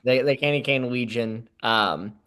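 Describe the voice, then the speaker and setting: A man's voice: medium pitch, measured pace, a bit bright. A young man co-hosting a show, improvising a comedic story and often searching for words with fillers and laughs. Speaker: co-host.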